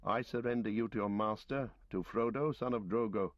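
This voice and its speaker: A man reading aloud and voicing a stern, grave lord who passes judgement in formal, measured, solemn speech. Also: fairly low pitch, no room sound, close to an everyday voice. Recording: dull lo-fi recording.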